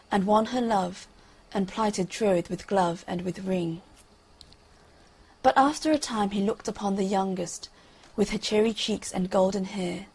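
Woman narrator, fairy tale reading, husky breathy voice, expressive, measured. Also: mid-range voice, poor audio. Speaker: storyteller.

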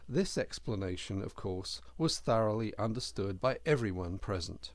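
A man reading a children's classic aloud as narrator, in a measured storytelling manner. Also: on the low side, lively intonation, no room sound. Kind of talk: audiobook narration.

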